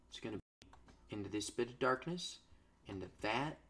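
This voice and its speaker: A young man commenting on a strategy game in a crude, sarcastic way, swearing constantly and swinging from low mutters to loud outbursts at his units. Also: lively intonation, moderate pace, breathy edge. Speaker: gameplay commentator. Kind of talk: crude, ranting gameplay commentary.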